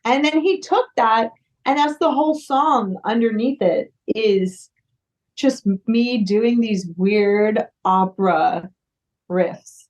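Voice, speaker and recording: On the high side and darkish in tone, a woman from the US speaks slowly. She's a singer-songwriter guesting in a casual interview, with plenty of fillers and restarts, captured in dull lo-fi sound.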